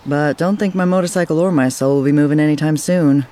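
An actor playing a laid-back, folksy biker in a radio ad. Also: male voice, a little high, fast talker, dark tone, slight background noise, lightly acted. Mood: easygoing. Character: laid-back biker man with a flat tire. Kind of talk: radio ad acting.

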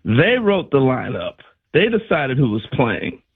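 An older man and former ballplayer telling animated stories on a sports radio show, acting out what others said. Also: medium pitch, unhurried, slightly rough, narrow, tinny audio. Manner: animated storyteller acting out quotes. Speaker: former player turned radio analyst.

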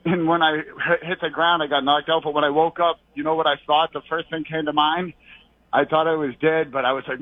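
A man's voice: a little high, fairly even intonation, fairly quick, dry recording. A male caller from the Boston area, out of breath, rambling through scattered stories on the phone. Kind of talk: rambling call-in. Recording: tinny phone line.

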